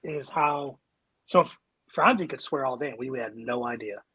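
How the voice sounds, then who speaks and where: A man's voice: mid-range voice, moderate pace, pushed and bright, husky, no echo, low-quality recording. A man co-hosting a casual podcast, rambling easygoing through a story. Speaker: podcast co-host. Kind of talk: casual chat.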